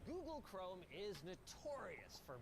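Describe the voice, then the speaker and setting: A man's voice: high-pitched, very animated, measured pace, vocal fry, slightly rough, exaggerated voice. A man putting on a nasal impression of a tech host in a clip played on a live stream. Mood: mock-serious.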